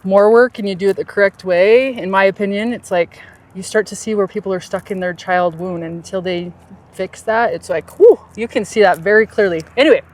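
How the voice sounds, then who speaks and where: A woman telling a personal story in a casual podcast chat, animated and laughing easily, with soft, low reflective stretches. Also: a little fast. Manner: animated, jumps high in pitch when quoting others.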